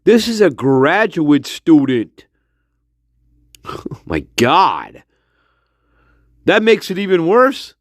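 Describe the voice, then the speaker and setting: A man's voice: fairly high pitch, very animated, drawn-out words, long pauses, no echo, clean studio sound. Man ranting with profane scorn. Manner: profane, mocking, with scornful laughs. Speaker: commentator. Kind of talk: angry ranting monologue.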